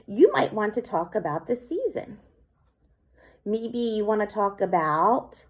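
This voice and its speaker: In a slow, clear poetry lesson for kids, a woman teacher with a mid-range, very animated voice pronounces each word syllable by syllable.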